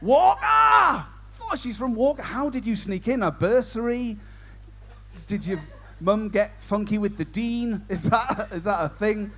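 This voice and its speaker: Cheeky high-voiced male stand-up compere. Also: a little slow. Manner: cheeky banter with audience members. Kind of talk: crowd work stand-up.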